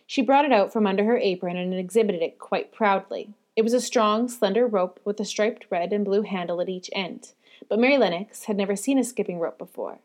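A woman narrating a classic novel in a measured storytelling manner. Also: medium pitch, darkish tone. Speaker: audiobook narrator.

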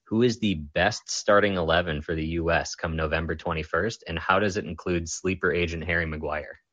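A man's voice: sits low, fairly even intonation, a little fast, a bit bright. A man from Michigan phoning in to ask a friendly, direct question. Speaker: caller. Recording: dry, dull lo-fi sound.

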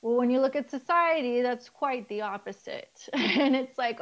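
A woman's voice: fairly high pitch, moderate pace, few pauses, low-quality recording. A middle-aged woman, a spiritual life coach, talking casually as a podcast guest and acting out remembered conversations. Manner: animated storytelling, acts out quoted dialogue; candid, swears casually and laughs.

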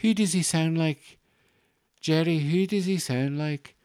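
Nosy Scottish coffee-cart lady, as a man puts her on, high and pushy, dry close sound. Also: measured pace, a little mellow, dry recording, natural voice. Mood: insistent. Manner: inquisitive, insistent. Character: chatty Scottish woman coffee vendor.

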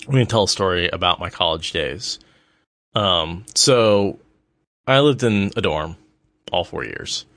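Young guy telling a story on a book podcast, lots of ups and downs, kinda low voice, dry close mic, swears a lot. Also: unhurried, no echo. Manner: storytelling, swears casually, animated. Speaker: podcast co-host. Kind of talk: casual book discussion.

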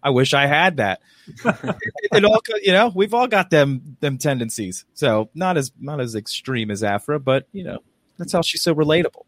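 Rambling animated male podcast co-host. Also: a little high, moderate pace, no room sound. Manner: rambling, animated storytelling with restarts. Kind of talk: casual chat.

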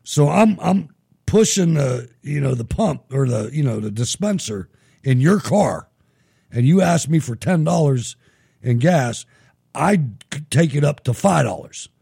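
A middle-aged man hosting a live show, telling profane, animated stories in casual chat. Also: on the high side, unhurried, creaky, slightly rough. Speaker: show host.

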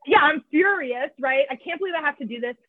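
A woman's voice: high voice, expressive, fast talker, no room sound. A woman guest telling her recovery story frankly, with lots of casual filler and swearing, over a call. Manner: frank, profane, fillers of "like" and "you know". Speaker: podcast guest, author in recovery. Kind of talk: candid conversational storytelling. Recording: tinny phone line, dry.

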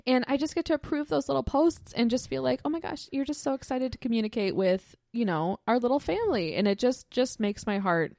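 A woman's voice: sits high, a little fast, creaky, few pauses, dark tone, dry recording, studio quality. A woman in her thirties co-hosting a podcast in casual chat, chatty and self-deprecating. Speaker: podcast co-host.

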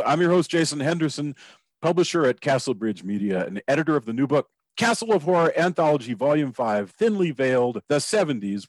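A man's voice: medium pitch, no echo. A man from Texas with a Texan accent, hosting an interview in a chatty way and often restarting his sentences. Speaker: podcast host. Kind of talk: casual interview.

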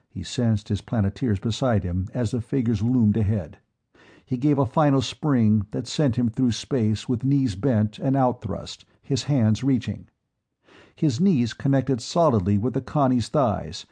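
Guy reading an adventure audiobook, steady pace, dark mellow husky voice. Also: mid-range voice. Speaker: audiobook narrator. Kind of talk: scripted narration.

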